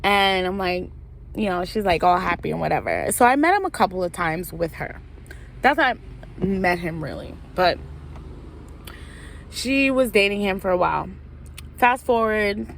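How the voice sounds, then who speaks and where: A woman's voice: medium pitch, gravelly, fairly bright tone, slight background noise. A young woman telling a storytime vlog in a rambling, casual way, full of fillers and asides. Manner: rambling, filler-heavy, lots of "like" and "right?". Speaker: vlogger.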